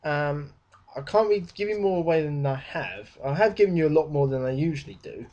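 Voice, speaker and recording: A man's voice: on the high side, animated, fairly quick, darkish tone, muffled recording. A young man talks through a book review. He rambles loosely, trails off, backtracks and starts again. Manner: rambling, with many fillers and restarts. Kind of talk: casual spoken book review.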